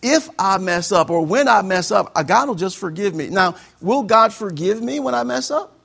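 A man preaching a sermon as pastor, animated and acting out conversations. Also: sits high, normal speed, vocal fry.

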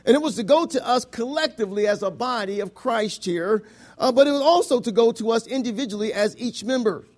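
Pastor, male, high-pitched, emphatic sermon delivery that drops to a hush and drags out key words. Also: expressive, fairly quick. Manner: emphatic, swings from loud to hushed, stretches key words; addresses the congregation with rhetorical questions.

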